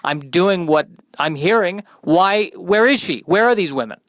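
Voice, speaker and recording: A man doing a frustrated city bird, exasperated and rising in pitch. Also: animated, a little slow, a bit bright, no room sound, clean studio sound, full character voice.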